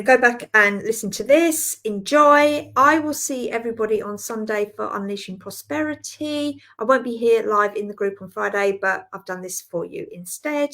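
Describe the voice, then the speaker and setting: An Australian woman in her late forties talks loosely and warmly unscripted, drifting from thought to thought with frequent little laughs. Her voice sits at an ordinary middle pitch. She answers viewers by name as she goes. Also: creaky. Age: 40s. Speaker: spiritual healer hosting a group live. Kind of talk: casual live-stream chat.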